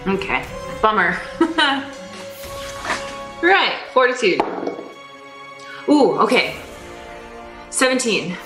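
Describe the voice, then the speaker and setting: A woman's voice: on the high side, very animated, very slow, pauses often, reverberant, music in the background, poor audio. A woman playing a tabletop game, asking hesitant rules questions. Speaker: player.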